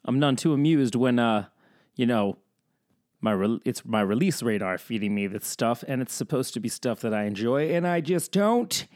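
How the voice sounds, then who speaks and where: A man's voice: mid-range voice, expressive, moderate pace, darkish tone, dry recording, studio quality. A young man hosting a podcast in casual chat, rambling and joking at his own expense with exaggerated complaints. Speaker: podcast host.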